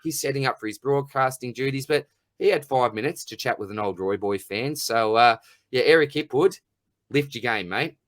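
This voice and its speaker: A man's voice: medium pitch, normal speed, dry recording. A middle-aged man with an Australian accent, hosting a podcast in blunt, rambling, jokey rants. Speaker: podcast host. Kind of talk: casual chat.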